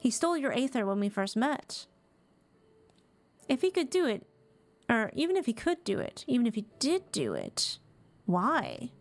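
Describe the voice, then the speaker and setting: A woman's voice: on the high side, huge pitch swings, moderate pace, pauses often. A woman voicing an earnest, determined young companion in a video game, reading her lines aloud.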